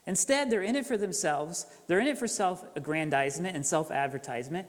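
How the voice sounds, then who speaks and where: Conversational pastor with a raised voice. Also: male voice, sits high, lively intonation, fast, hardly any pauses. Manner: conversational storytelling, rhetorical questions. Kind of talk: sermon. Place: church sanctuary. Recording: echoey church hall reverb.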